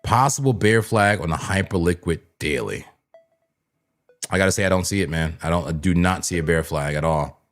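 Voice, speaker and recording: Lowish-voiced man hosting a trading stream. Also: moderate pace. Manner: rambling, chatty, full of "like" and "man"; talks straight to chat viewers. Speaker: crypto trading livestream host. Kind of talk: casual live trading commentary.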